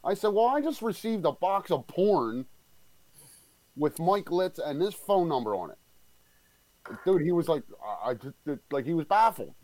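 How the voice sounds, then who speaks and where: Lively, higher-voiced man. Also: moderate pace, low-quality recording. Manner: animated, tells anecdotes with quoted voices. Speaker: co-host. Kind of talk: casual profane banter.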